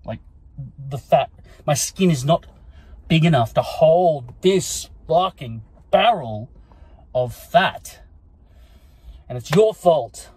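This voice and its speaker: A man's voice: a little high, expressive, slow pace, long pauses, darkish tone, husky, low-quality recording. An exhausted, sleep-deprived man, ranting profanely and putting himself down in a rambling self-recorded vlog on a handheld phone. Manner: profane, self-deprecating, mumbling asides. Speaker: vlogger.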